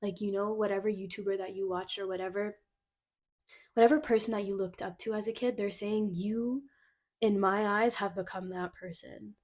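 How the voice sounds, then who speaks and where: A young woman doing a casual intuitive card reading, excitable and giggly, gushing and a bit flustered, full of "like" fillers. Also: medium pitch, moderate pace. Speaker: tarot card reader.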